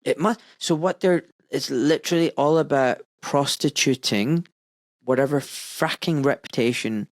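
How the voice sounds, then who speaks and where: A man's voice: medium pitch, measured pace, dry recording. A man hosting a podcast, talking emphatically and with indignation, often mimicking people. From United Kingdom. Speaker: podcast host. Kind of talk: casual discussion.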